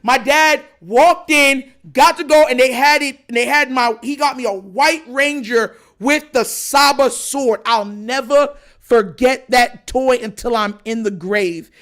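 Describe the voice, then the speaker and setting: High bright-voiced man, slangy livestream host. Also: measured pace. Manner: animated, slangy, talks to chat. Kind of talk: casual livestream storytelling.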